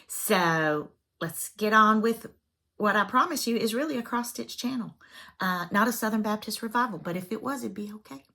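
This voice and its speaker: A woman's voice: medium pitch, lively intonation, normal speed, gravelly, pushed and bright. A woman chatting casually as a cross-stitch vlogger, self-deprecating and full of fillers. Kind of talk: casual chat.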